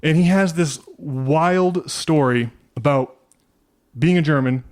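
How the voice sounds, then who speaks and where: A man's voice: on the high side, takes it slowly, darkish tone. A man co-hosting a casual podcast, rambling through a story with lots of restarts. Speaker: podcast co-host.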